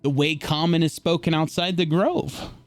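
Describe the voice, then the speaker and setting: A man's voice: a little high, steady tone, moderate pace, no room sound, faint music behind. A man running a tabletop game as game master, rambling and laughing often.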